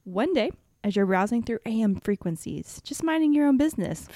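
A woman's voice: on the high side, lively intonation, brisk, warm tone. A woman hosting a podcast, casually explaining science topics to her friends in a chatty way. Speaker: podcast host.

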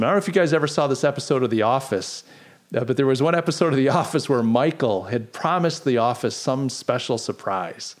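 A middle-aged man hosting a podcast, giving casual commentary in an animated, sarcastic way, firing off rhetorical questions. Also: mid-range voice, fast talker. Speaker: podcast host.

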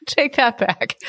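A woman's voice: on the high side, vocal fry, a bit bright, slight background noise. A woman podcast co-host chatting casually, jokey and irreverent, with some swearing. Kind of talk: casual chat.

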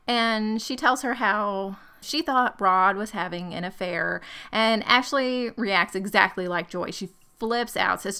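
A woman's voice: medium pitch, unhurried, hardly any pauses, pushed and bright, smooth. A woman co-hosting a podcast, recapping a TV series in a wry, joking tone and quoting the characters in mock voices. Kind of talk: casual chat.

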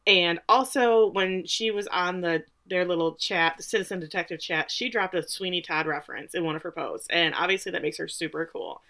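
A woman retells a TV episode for her podcast, her bright, forceful voice carrying a casual, animated recap. She slips in and out of the characters' lines as she goes. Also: fairly low pitch, brisk, few pauses. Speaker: podcast co-host.

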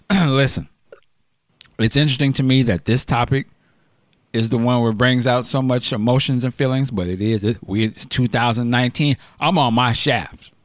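A man hosting a podcast, retelling a news story in casual chat and acting out quoted shouting. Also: medium pitch, normal speed, no echo, studio quality. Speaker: podcast host.

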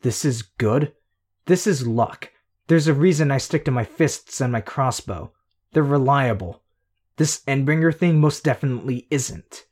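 A blunt, skeptical woman fighter, voiced by a male narrator in an audiobook. Her words come somewhat higher and louder than the narration, pressed and emphatic. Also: lively intonation, a little slow, husky. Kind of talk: audiobook character voice.

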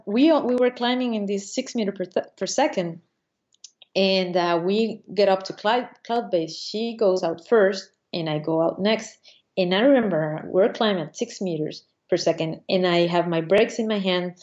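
A woman paraglider pilot from Venezuela, recounting her competitions in a casual interview, animated and laughing often, with many restarts. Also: mid-range voice, normal speed. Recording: slightly dull lo-fi audio.

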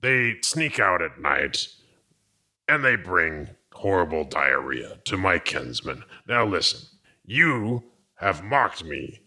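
A man improvising as a petty, touchy boy-king who is haughty and quick to order executions. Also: sits low, very animated, pushed and bright, heavily acted. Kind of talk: improvised comedy role-play.

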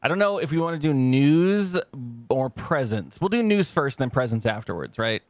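A man co-hosting a casual podcast chat, rambling and swearing, his pitch jumping high when he quotes himself. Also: very animated, moderate pace, dry recording. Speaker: podcast co-host.

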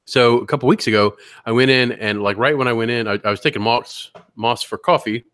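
A man co-hosting a podcast, chatting casually and telling anecdotes with animated voice impressions. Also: medium pitch, a little fast, clear, resonant tone, no room sound, studio quality. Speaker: podcast co-host. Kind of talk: casual chat.

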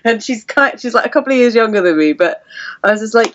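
A woman's voice: a little high, lively intonation, fast, muffled recording. A young woman from the UK, a podcast guest chatting casually and emotionally, laughing often. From United Kingdom. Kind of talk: casual interview chat.

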